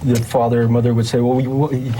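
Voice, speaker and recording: A former child actor speaking hesitantly in a group interview, a little far from the mic. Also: male voice, mid-range voice, level tone, mellow, a little hiss or hum. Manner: halting, hesitant.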